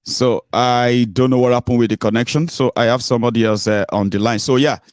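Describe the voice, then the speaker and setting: A man's voice: mid-range voice, steady tone, a little fast, a little mellow, clean tone, dry recording. A Nigerian man hosting a call-in show, talking with callers in a conversational way, with fillers and asides. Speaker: host. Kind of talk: phone-in talk show.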